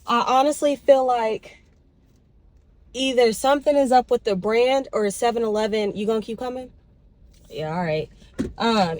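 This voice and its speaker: Animated, ranting young woman vlogger. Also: on the high side, poor audio. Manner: expressive, animated, swears and rants. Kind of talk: casual vlog chat. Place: car and convenience store, in and out of doors.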